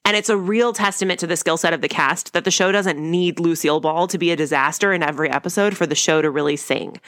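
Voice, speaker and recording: A woman's voice: lowish voice, a bit bright, no echo, clean studio sound. A young woman hosting a podcast, recapping a sitcom episode in a chatty, wry and opinionated way. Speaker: podcast host.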